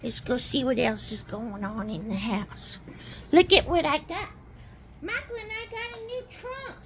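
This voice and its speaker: A woman's voice: high voice, measured pace, fairly bright tone, slight background noise. A woman talking playfully in a home video, chatting in a sing-song way and talking to her toys. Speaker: video maker.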